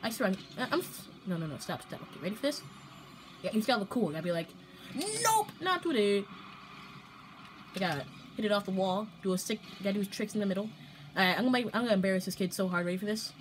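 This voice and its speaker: A young woman commentating her own gameplay, playful and prone to loud outbursts and strings of repeated protests. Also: medium pitch, slight background noise, poor audio. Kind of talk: excited gaming commentary.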